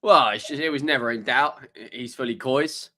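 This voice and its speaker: A man co-hosting a fan show, chatting in a relaxed, joking way. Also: medium pitch, normal speed. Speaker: co-host. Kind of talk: casual chat.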